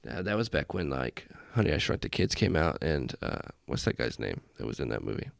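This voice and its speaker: An airman hosts a casual solo podcast from a small room strung with festive lights, rambling, poking fun at himself, and wandering off on tangents. His voice is extremely low, sing-song, brisk, and creaky. He speaks into a desk setup in front of his laptop, and the sound is clean and studio-like with no room sound.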